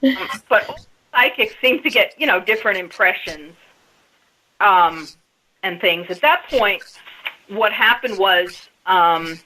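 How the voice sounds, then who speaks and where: A woman's voice: medium pitch, animated, slow pace, long pauses, sharp tone, rough recording. A woman guest on a radio interview, telling a story step by step in a casual way. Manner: storytelling, recounting events step by step.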